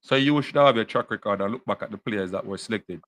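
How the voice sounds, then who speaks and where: A man's voice: fairly low pitch, quick pace, fairly bright tone, no echo. Man pushing back in a debate. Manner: interrupts, argues back, patois phrasing. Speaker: sports talk panelist. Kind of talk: heated sports debate.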